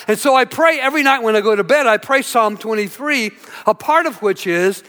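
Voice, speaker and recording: An earnest male pastor preaches in a very high, bright voice and repeats key words for emphasis. The recording carries long reverb from a church sanctuary. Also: normal speed. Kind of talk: sermon with storytelling. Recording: echoey hall reverb.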